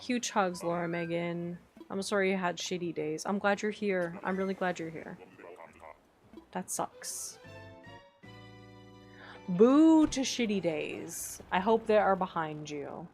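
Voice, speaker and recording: A woman streaming and chatting casually with her viewers, playful and laughing often, her voice a little rough. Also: on the low side, steady tone, measured pace, soft background music. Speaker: streamer reading chat. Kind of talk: casual live-stream chat.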